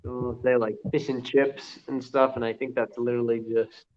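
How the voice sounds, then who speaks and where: A man's voice: mid-range voice, little pitch movement, normal speed, a little mellow. A young man chatting casually on a video call, rambling with lots of fillers and restarts. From United States. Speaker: conversation partner. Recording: muffled video call audio, faint hiss.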